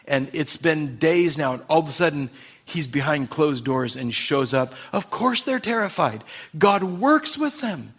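A male pastor preaching a sermon, swinging from loud emphasis to hushed intensity. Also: high-pitched.

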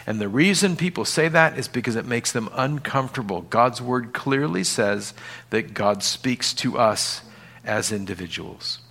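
A man preaching a sermon in a conversational way, dropping to quiet emphasis and acting out small everyday scenes. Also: mid-range voice. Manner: acts out little scenes with voices. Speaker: pastor.

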